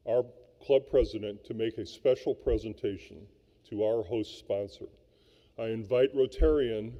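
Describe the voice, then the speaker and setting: A man's voice: medium pitch, dark tone. Man giving a formal welcome in a hall. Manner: measured, ceremonial introductions. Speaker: symposium co-chair. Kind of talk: formal scripted welcome speech. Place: large hall at a luncheon. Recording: echoey hall, dull lo-fi sound.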